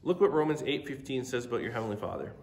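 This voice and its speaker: A man's voice: mid-range voice, animated, rapid-fire, darkish tone, a little hiss or hum. Middle-aged man preaching in an echoey room. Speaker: pastor. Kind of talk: sermon.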